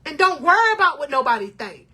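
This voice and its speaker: Woman, high voice, bright, spiritual life coach, motivational talk to camera, emotional and preachy. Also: sing-song, fast talker. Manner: emotional, preachy, addresses viewers as king or queen.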